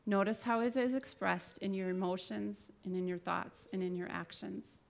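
A woman's voice: mid-range voice, fairly even intonation, normal speed, gravelly. A woman telling a candid personal faith story and giving encouragement, self-deprecating and laughing at herself at times. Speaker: speaker giving a faith talk.

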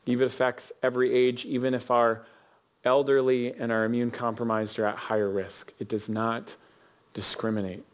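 A man's voice: medium pitch, little pitch movement, normal speed. A male pastor preaching a sermon, telling a story and asking his listeners questions. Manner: earnest, storytelling, addresses the congregation with questions.

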